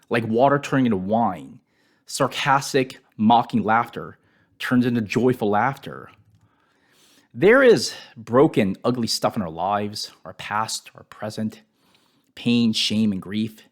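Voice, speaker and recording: A man giving a reflective devotional Bible teaching, dropping his voice softly on painful words. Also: fairly low pitch, very animated, slow pace.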